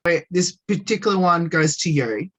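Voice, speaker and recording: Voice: mid-range voice, animated, moderate pace. A radio interviewer, putting upbeat questions to guests over a video call.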